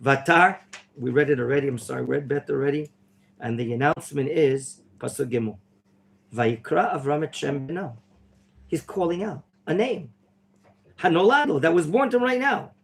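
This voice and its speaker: A man teaching an interactive Torah class in a classroom, quizzing his students and now and then bursting into theatrical excitement. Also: a little high, normal speed, gravelly. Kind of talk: interactive Bible lesson. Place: classroom at a yeshiva.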